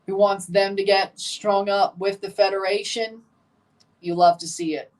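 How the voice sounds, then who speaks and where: A woman's voice: mid-range voice, flat delivery, measured pace, a little mellow, recorded from a distance. A woman hosting a live watchalong stream, chatting with opinions and reacting aloud to the plays as they happen. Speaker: livestream host.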